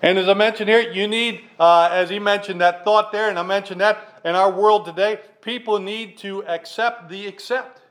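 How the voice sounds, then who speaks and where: Male preacher, high-pitched, emphatic and repetitive, halting fillers between points. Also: a bit bright. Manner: preaches with emphatic repetition and drawn-out slow phrases. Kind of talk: sermon.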